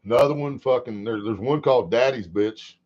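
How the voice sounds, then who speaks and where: A man's voice: mid-range voice, brisk, a little mellow, slight background noise. A man hosting a livestream in a casual, rambling chat. He swears a lot and laughs often. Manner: sing-song repetition. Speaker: livestream host. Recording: dull lo-fi stream audio.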